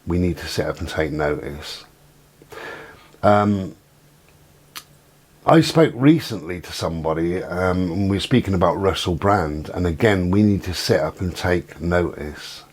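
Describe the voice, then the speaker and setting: A man hosting his own channel, giving a rambling, conspiratorial monologue with many pauses and fillers. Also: low voice. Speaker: channel host.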